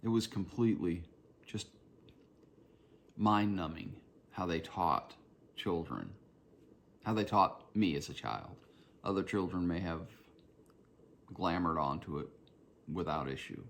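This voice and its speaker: Slow gravelly Southern man rambling. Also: deep voice, expressive, fairly bright tone. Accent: Southern US, Georgia. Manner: reflective, meandering, personal storytelling. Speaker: podcast host. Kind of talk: rambling solo podcast monologue.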